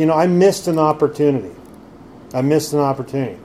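Conversational man preaching, mellow voice. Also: a little high, quick pace, slight background noise. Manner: conversational preaching, rhetorical questions. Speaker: pastor. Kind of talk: sermon.

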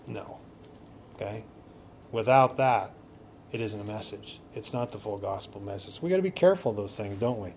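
A man's voice: medium pitch, darkish tone, a little hiss or hum. A man preaching a sermon as a pastor, often asking the congregation rhetorical questions.

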